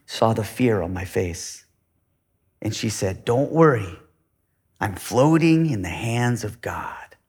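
Long reverb trails this pastor's mid-range voice as he delivers a sermon. He poses rhetorical questions to his congregation, alternating loud emphatic moments with quiet asides.

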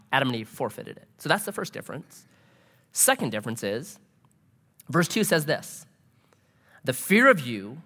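A middle-aged man preaching a sermon in a relaxed, conversational way, mixing humor and personal stories. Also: on the high side. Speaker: pastor. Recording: long hall reverb.

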